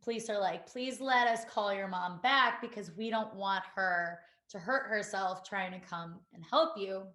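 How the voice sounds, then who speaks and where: A woman, a podcast guest, telling a painful personal story in a halting way, full of fillers and restarts. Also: medium pitch, bright, forceful tone, roomy sound. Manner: halting, many fillers and restarts, quotes others.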